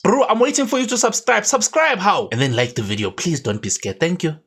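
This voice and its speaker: A young South African man rants sarcastically as a vlog host, full of jokey asides. His voice sits a bit high and swings widely in pitch. The sound is dry and close-miked. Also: animated, fairly quick, fairly bright tone, breathy edge, dry recording. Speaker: YouTube host. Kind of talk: comedic rant vlog.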